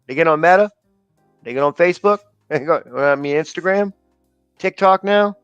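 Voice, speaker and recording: A man's voice: on the high side, fairly quick, a bit bright, clean tone, dry recording, highs cut off, faint music behind. A man co-hosting a casual livestream, talking loosely and rambling with slang and fillers.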